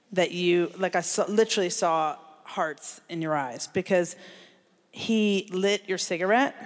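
A woman from New Jersey in a casual chat, telling lively stories about a friend and laughing often. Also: mid-range voice. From Central New Jersey.

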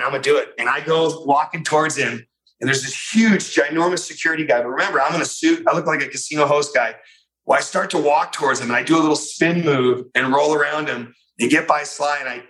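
A middle-aged man spins a long anecdote in a relaxed interview, talking in quick bursts with plenty of fillers. His voice is bright and forward, at an ordinary pitch for a man. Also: poor audio. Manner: animated, fast-paced anecdote with many fillers. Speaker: guest. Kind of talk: storytelling in a casual interview.

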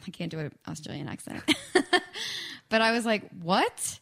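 A woman's voice: mid-range voice, lively intonation, unhurried, a bit bright. A young woman chatting casually as a guest, with lots of fillers and acted-out quotes. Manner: chatty, frequent fillers and laughs, acts out quoted speech. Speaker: guest songwriter. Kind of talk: casual chat.

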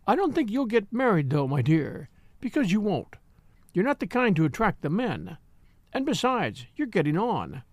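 A man's voice: high voice, huge pitch swings, moderate pace, no room sound, pitched above the performer's own voice, full character voice. A man voicing a very old, gossipy spinster who talks bluntly and boasts of outliving her friend. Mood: smug. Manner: triumphant, blunt and doubtful by turns.

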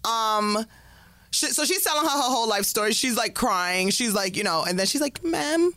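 A woman's voice: mid-range voice, moderate pace, no echo. A woman co-hosting a casual podcast, telling a story with frequent laughter. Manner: animated, laughs often, acts out quotes.

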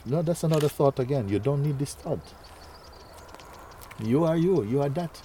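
A male spiritual teacher speaking to a listener in a gentle, playful way, laughing often and using nonstandard English grammar. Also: mid-range voice, animated, moderate pace, long pauses, a little hiss or hum. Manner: gentle, playful, laughs often, repeats "you see" and "huh".

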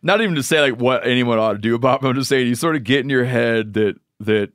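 A man's voice: mid-range voice, fast, fairly bright tone, no room sound, studio quality. Rambling man on a podcast. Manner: rambling, thinks aloud with self-corrections. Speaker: podcast host. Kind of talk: casual chat.

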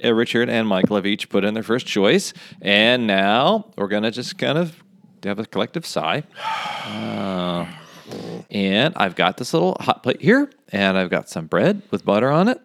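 A man's voice: lowish voice, expressive, moderate pace, a bit bright. A man hosting a casual podcast from his kitchen, chatty and easygoing, laughing often. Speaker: podcast host. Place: home kitchen.

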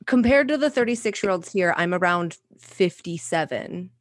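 On an improv comedy podcast, a female guest plays a character with flat, matter-of-fact delivery. She speaks at a normal pace with a fairly low pitch, and the recording is very noisy.

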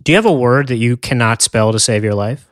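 A man's voice: medium pitch, fairly quick, no echo, clean studio sound. A man co-hosting a podcast in casual chat, with wry, joking asides. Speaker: podcast co-host.

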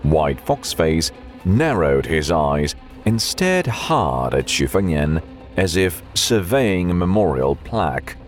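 A man narrating an audiobook with measured storytelling and faint music behind. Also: low-pitched, very animated.

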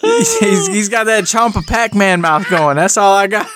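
A man's voice: sits high, noisy background. A man on a headset in voice chat, talking to himself, puzzled and making silly sound effects. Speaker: friend in a voice chat. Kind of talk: casual chat over voice chat.

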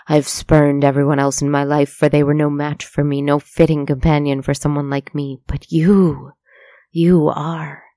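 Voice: mid-range voice, flat delivery, normal speed, mellow, no room sound, studio quality, lightly acted. A storyteller voicing a proud witch who pleads with intensity. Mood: desperate. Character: proud, desperate witch, adult woman.

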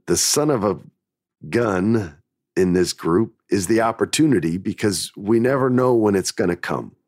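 A man's voice: on the low side, normal speed, darkish tone, no room sound, studio quality. A man hosting a podcast, telling stories in a candid, emphatic, motivational way. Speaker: podcast host. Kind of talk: casual storytelling podcast.

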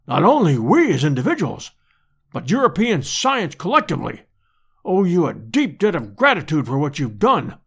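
A man voicing a pompous elderly professor who speaks formally and loudly. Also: fairly high pitch, husky, full character voice.

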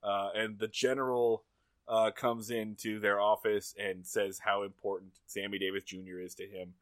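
A man co-hosting a podcast, recapping a TV episode in casual, profane banter and acting out lines in loud put-on voices. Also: fairly low pitch, moderate pace, no echo. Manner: animated, acts out quotes in loud voices, profane. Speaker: podcast co-host.

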